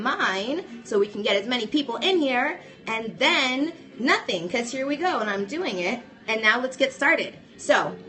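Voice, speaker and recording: A woman's voice: on the high side, bright, forceful tone. A young woman hosting a live stream from home, bubbly and playful, greeting viewers by name. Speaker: live show host.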